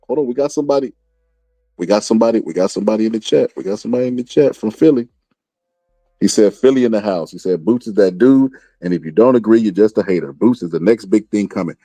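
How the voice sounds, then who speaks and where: A man giving casual reaction commentary on boxing, animated and full of streetwise slang, repeating his phrases as he talks. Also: on the low side, dry recording, clean studio sound.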